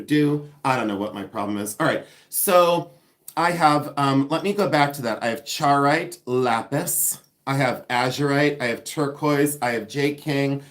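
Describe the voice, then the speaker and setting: A man's voice: mid-range voice, fairly bright tone. A man hosting a casual live jewelry-sorting stream from home, chatty and sassy, joking at his own expense. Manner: sassy, chatty, self-mocking humor. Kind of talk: casual livestream chat.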